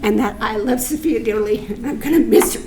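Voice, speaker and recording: A woman's voice: fairly high pitch, brisk, noisy background. A woman, an aunt, telling humorous family stories at a memorial gathering into a handheld microphone. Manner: warm, humorous storytelling with laughter. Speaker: aunt giving a eulogy. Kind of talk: storytelling at a memorial.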